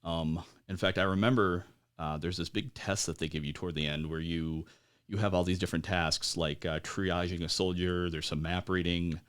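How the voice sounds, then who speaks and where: A man with a very low voice talks through his memories as an interview guest. He hesitates often, fills gaps with "uh" and "you know," and laughs wryly at dark moments. He is an American veteran in his forties. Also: fairly even intonation, clean tone. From United States. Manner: halting, many fillers, laughs at grim moments. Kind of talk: conversational interview storytelling.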